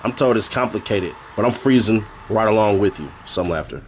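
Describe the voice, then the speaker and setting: A man's voice: on the low side, a little fast, a little hiss or hum. A man streaming, reading a court transcript aloud in a casual way and breaking off for joking asides. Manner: reads flatly, then breaks off for joking asides and laughs.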